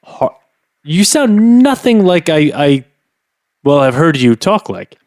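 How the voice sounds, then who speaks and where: A man co-hosts a comedy podcast, fielding strange calls with bewildered questions. His voice sits a bit high and swings widely in pitch. The sound is close and dry. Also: big pitch swings, a little mellow, dry recording. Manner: bewildered, questioning, quick asides. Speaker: podcast co-host.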